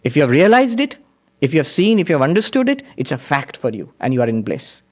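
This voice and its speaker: A man's voice: on the high side, very animated, fast talker. A man, a spiritual teacher, giving an earnest lecture that mixes teachings, stories and chanted Sanskrit verses.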